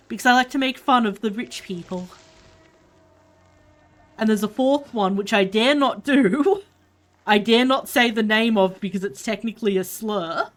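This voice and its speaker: A woman's voice: fairly high pitch, fairly bright tone. Blunt, chatty Australian woman streamer. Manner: chatty, blunt, swears freely. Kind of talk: casual chat while gaming.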